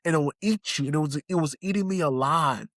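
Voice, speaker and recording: Earnest young man from Haiti, slightly high. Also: fast talker, no echo, studio quality. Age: young adult. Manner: earnest, repeats phrases for emphasis. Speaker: podcast guest. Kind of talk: emotional personal testimony.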